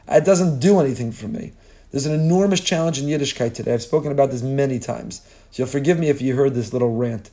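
Warm-voiced man giving an impassioned sermon. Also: medium pitch, quick pace. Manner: impassioned, repetitive rhetorical lists; mixes in Hebrew phrases. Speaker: Torah teacher. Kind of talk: sermon-style Torah lecture.

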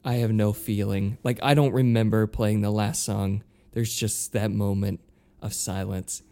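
A man telling a story in casual chat, animated, acting out the voices he quotes and stammering over his words. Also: lowish voice, a little slow.

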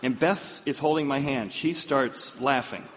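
A man preaching a sermon, telling a personal story in an animated way. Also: medium pitch, a little slow, background noise. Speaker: pastor. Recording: muffled sound in a reverberant hall.

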